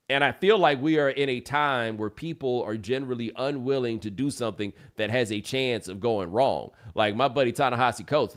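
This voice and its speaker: A man in his forties hosting a podcast, telling stories in loose, colloquial chat. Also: mid-range voice. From United States. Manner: loose, colloquial, animated storyteller. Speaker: podcast host. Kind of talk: casual storytelling chat.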